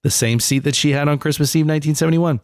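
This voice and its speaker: A man co-hosting a podcast, telling a story in casual chat, animated and swearing freely. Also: fairly high pitch, fast, no echo, clean studio sound. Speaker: podcast co-host.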